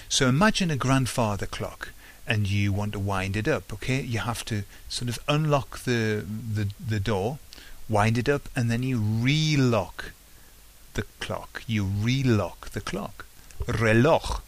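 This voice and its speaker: Man, low voice, podcast language teacher, patient, repeats words. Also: a bit bright. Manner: patient, repeats each word, asks "okay?" often. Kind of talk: podcast vocabulary lesson.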